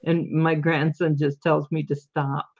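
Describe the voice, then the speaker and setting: A woman's voice: low-pitched, flat delivery, measured pace, a little mellow, highs cut off. An older woman, a grandmother, hosting a casual chat and giggling often. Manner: chatty, giggly. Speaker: host. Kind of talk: casual chat on a video call.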